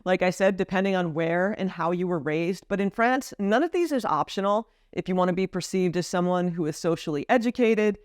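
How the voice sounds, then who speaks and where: A woman's voice: fairly low pitch, a little fast, few pauses, darkish tone, no echo, studio quality. A woman vlogger casually explaining etiquette, now and then acting out short example lines.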